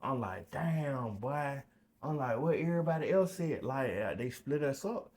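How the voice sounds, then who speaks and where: Young guy w telling a story on a podcast, animated, keeps doing voices. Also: measured pace. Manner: animated, acts out quoted voices with loud high bursts. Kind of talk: casual storytelling.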